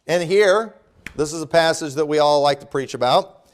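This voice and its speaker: A man's voice: on the high side, moderate pace. A male pastor preaching a sermon in a loose, conversational way, repeating phrases and adding asides. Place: church.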